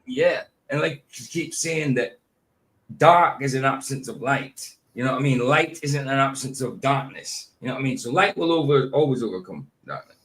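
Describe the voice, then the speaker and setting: A man with a northeast Scottish Doric accent hosts a livestream. He talks in a relaxed, chatty way and laughs often. His voice sits at a middle pitch. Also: normal speed. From Scotland. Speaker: show host. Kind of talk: casual chat on a livestream.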